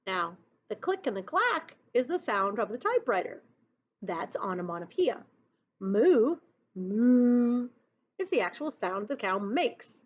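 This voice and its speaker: A woman's voice: medium pitch, sing-song, normal speed, fairly bright tone. A woman teacher giving a recorded lesson, patiently explaining to children, on a dull lo-fi recording. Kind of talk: recorded class lesson and read-aloud.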